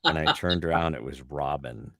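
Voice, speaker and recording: A middle-aged man with a very deep voice tells stories in a relaxed, casual chat. He quotes people with quick character voices, and the sound is dry and close with no room around it. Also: vocal fry, no echo. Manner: animated anecdotes, slips into character voices for quotes. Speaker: voice actor guest.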